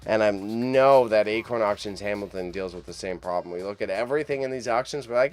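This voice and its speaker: A man's voice: on the low side, lively intonation, fairly quick, dry recording. Chatty stuffy-nosed man hosting a stream. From Canada. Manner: chatty, rambling, laughs often, stumbles over names. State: congested, stuffy nose. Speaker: live stream host reacting to an auction. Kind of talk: casual live stream commentary.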